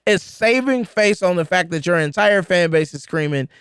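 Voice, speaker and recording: A man co-hosting a sports podcast, talking in an animated, emphatic way and repeating words for effect. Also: high voice, normal speed, few pauses, smooth, dry recording, clean studio sound. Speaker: podcast co-host. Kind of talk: casual sports chat.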